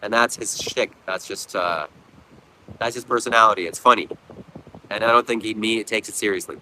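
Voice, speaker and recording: A man's voice: fairly low pitch, normal speed, pushed and bright, a little hiss or hum, poor audio. Blunt, preachy man hosting a livestream. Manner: preachy, blunt, mocking viewers. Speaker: livestream host. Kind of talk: live stream chat reading. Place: outdoors at a beach.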